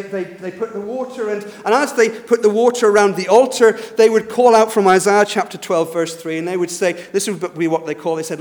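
Man preaching in an echoey hall. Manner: storytelling, swinging from loud and excited to hushed and low. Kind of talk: sermon. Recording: echoey hall with long reverb.

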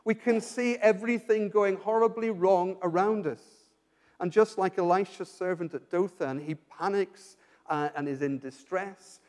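A male preacher with a fairly high voice delivers an earnest sermon. He asks rhetorical questions and doubles back on his words as he builds a point. His voice rings with the long reverb of a large hall. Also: a little slow, darkish tone.

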